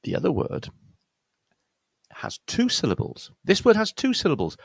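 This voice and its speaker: A man with a British accent teaching pronunciation, slowing down to spell out words with exaggerated care. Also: high-pitched, huge pitch swings, creaky, dry recording. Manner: slow, exaggerated demonstrations of words. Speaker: accent coach. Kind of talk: pronunciation lesson.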